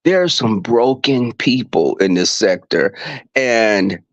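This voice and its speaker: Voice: medium pitch, expressive, takes it slowly, dry recording, muffled recording. A guest on a livestream, chatting expressively and acting out quoted people. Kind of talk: casual livestream chat.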